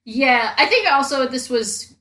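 A woman's voice: high voice, sing-song, a little slow, bright, forceful tone, echoey room. A woman co-hosting a casual film podcast, playful and giggly. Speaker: podcast co-host. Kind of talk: casual chat.

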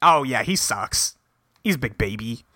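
Bright-voiced man recapping casually. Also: mid-range voice, lively intonation, normal speed, no room sound, studio quality. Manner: rambling, filler-heavy, acts out quotes. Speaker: podcast co-host. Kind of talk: casual episode recap chat.

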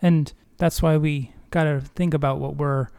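A man's voice: a little high, steady tone, normal speed, gravelly, darkish tone, smooth. A man co-hosting a Bible discussion, talking in a reflective, self-critical way. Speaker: Bible study co-host. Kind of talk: casual discussion.

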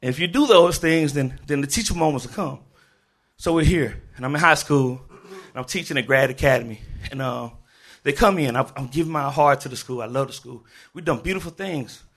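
A man who is a teacher, telling a personal story live on stage, animated, laughing often and shouting to the crowd. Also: a little high, fairly quick. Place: live event venue in Memphis.

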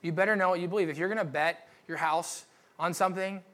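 A young adult man preaching a casual sermon, chatty and joking, with many fillers and quick asides to the congregation. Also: sits high, fairly even intonation, fairly bright tone. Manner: chatty, joking, lots of "like" and "right?". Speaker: pastor.

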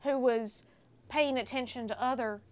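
A woman guest on a casual podcast, telling a story in a warm, animated way. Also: a little high, moderate pace. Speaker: film festival organizer guest.

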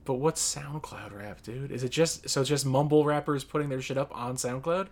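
A man's voice: medium pitch, moderate pace. A man in his thirties co-hosting a casual chat, asking loose curious questions. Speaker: podcast co-host.

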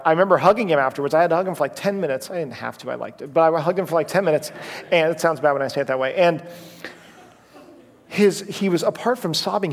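A man in his thirties preaches in a church sanctuary, his voice pitched a little high with a gravelly edge. He tells stories casually, full of fillers and restarts. The sound carries a long reverb from the big room. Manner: conversational storytelling with fillers. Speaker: pastor. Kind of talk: sermon. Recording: long reverb of a large hall.

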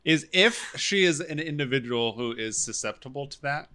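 A man chatting among friends in a wry, opinionated way. His voice is bright and forceful, at an ordinary pitch. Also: animated, normal speed. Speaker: podcast co-host. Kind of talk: casual chat.

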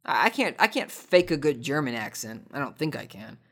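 A man's voice: medium pitch, sing-song, brisk, fairly bright tone. Rambling, joking man. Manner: rambling, tongue-in-cheek, frequent false starts. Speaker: podcast host answering listener questions. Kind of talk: casual comedic monologue.

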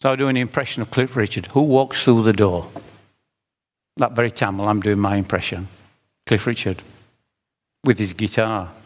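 A middle-aged man preaching a sermon with impassioned, emphatic runs that climb in pitch. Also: fairly even intonation, normal speed, pauses often, in a large hall.

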